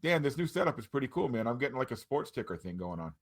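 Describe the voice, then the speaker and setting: An upbeat man hosting a casual sports podcast, rattling through plugs and introductions in an easy chat style. His voice sits at an ordinary middle pitch for a man. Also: sing-song, fast talker. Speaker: podcast host.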